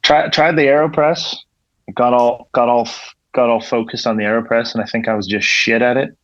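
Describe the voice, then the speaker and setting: On dull lo-fi podcast audio without room sound, a young coffee professional from Ontario, Canada chats casually in a steady, medium-pitched voice at a moderate pace. His laid-back rambling is laced with swearing and frequent "like."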